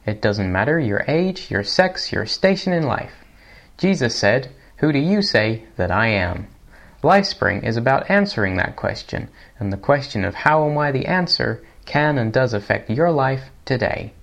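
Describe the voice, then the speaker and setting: A man's voice: medium pitch, very animated, normal speed, a bit bright. A man from England reading a podcast promo in a put-on Californian podcast host accent. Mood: earnest. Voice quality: announcer-style reading.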